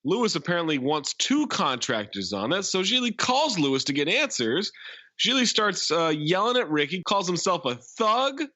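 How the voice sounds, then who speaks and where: Male podcast co-host, animated and wry, muffled dry mic. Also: high-pitched, moderate pace, dry recording. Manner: lively, recaps plot with wry jokes. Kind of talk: casual movie review chat, recapping the plot.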